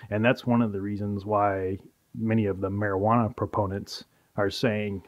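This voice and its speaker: A man, a pharmacist, chatting as a podcast guest in a measured, explanatory way. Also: fairly low pitch, level tone. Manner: explanatory, measured, some restarts. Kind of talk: casual podcast chat. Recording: dull lo-fi podcast audio.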